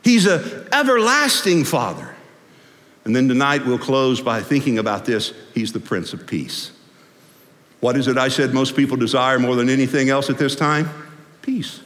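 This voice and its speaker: A man preaching a sermon as pastor, folksy and animated, swinging from loud to hushed. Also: mid-range voice, moderate pace. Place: church sanctuary. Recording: long hall reverb.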